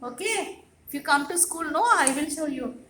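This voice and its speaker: High-voiced woman teaching preschoolers. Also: lively intonation, normal speed, bright, forceful tone. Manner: sing-song, repeats questions, coaxing. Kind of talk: classroom teaching to young children. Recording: echoey classroom, faint noise.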